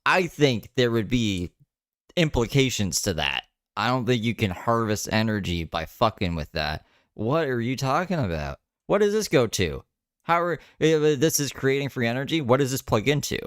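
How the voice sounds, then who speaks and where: A man's voice: medium pitch, sing-song, moderate pace, dry recording, clean studio sound. A man streaming casual reaction commentary, skeptical and sarcastic, swearing freely.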